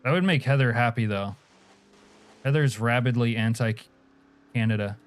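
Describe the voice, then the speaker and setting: Profane joking streamer from Alaska. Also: male voice, mid-range voice, unhurried. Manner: profane, joking, answers chat, laughs often. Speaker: game streamer. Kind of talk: casual live-stream chat.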